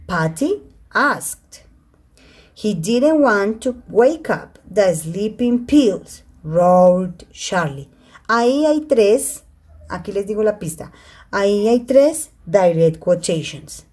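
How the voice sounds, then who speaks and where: Slow-talking teacher with a Spanish accent. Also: female voice, mid-range voice, big pitch swings, a little mellow, husky. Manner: switches between English and Spanish, reads sentences aloud slowly. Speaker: English teacher. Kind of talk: online grammar class. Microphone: computer mic in a video call.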